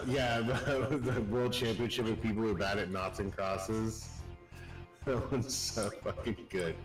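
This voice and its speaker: A man's voice: lowish voice, steady tone, slow, roomy sound, over music, poor audio. A man streaming a game in casual chat, laughing a lot and swearing freely while retelling comedy sketches.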